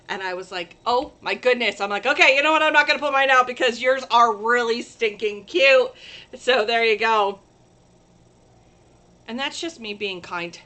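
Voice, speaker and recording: A woman chats her way through a crafting livestream, gushing and excitable. Her voice sits high and sounds bright. A faint hiss of background noise runs under the recording.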